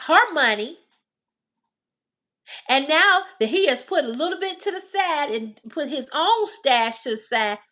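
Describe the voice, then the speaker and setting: A woman's voice: sits high, a bit bright. A woman hosting a livestream, talking back to her chat in casual, blunt, profane commentary. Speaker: livestream host.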